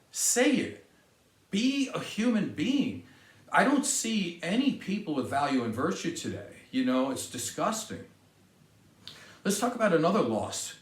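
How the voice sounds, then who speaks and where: Ranting man in an echoey room. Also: a little high. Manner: ranting, indignant, sarcastic. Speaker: podcast host. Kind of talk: solo monologue to camera.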